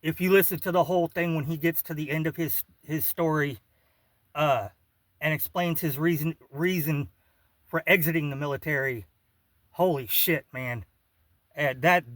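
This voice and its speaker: A man talking casually and bluntly, with swearing and halting fillers, as he wraps up a video. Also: fairly high pitch, a bit bright, dry recording. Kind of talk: casual chat, video outro.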